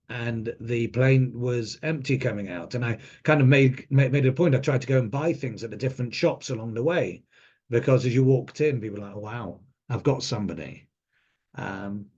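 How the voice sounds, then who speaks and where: A man's voice: medium pitch, a little mellow. Rambling middle-aged man, muffled recording. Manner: rambling, frequent fillers and restarts. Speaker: association officer. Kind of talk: casual spoken trip account.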